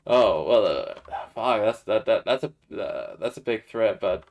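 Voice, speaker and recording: A man's voice: lowish voice, expressive, a little slow, a little hiss or hum. A young man hosting a casual gaming livestream, hesitant and stammering, with lots of fillers. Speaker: streamer and host.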